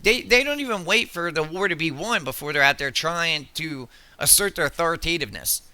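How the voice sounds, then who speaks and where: Angry ranting man, bright and dry. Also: on the high side, animated, fairly quick, dry recording. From United States. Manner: heated, swearing, stumbling restarts. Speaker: political commentary vlogger.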